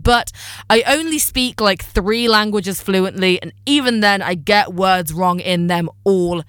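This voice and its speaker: Upbeat lady radio host chatting away, smooth clear voice, dry studio sound. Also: medium pitch, fairly bright tone, no echo. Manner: chatty, upbeat, self-deprecating. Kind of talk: casual radio show hosting.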